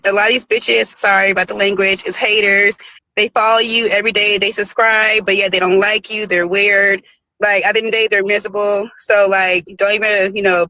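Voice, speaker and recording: A woman calling in to a stream, talking quickly and supportively in a casual way. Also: mid-range voice, bright, forceful tone, no echo, rough recording. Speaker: caller. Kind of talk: casual call-in chat.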